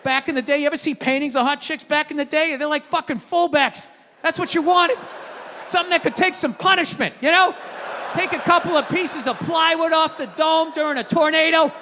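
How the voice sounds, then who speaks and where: High-voiced man ranting on a stage. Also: steady tone, a little fast. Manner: profane ranting with shouted bursts. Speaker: stand-up comedian. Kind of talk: stand-up comedy. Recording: echoey hall, live crowd, background noise.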